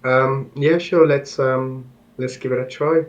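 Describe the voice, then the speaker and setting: A man speaks very slowly and haltingly, stopping often to search for words. The recording sounds somewhat dull and muffled. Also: medium pitch, fairly even intonation. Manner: halting, with many fillers. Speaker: player. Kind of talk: in-character tabletop play.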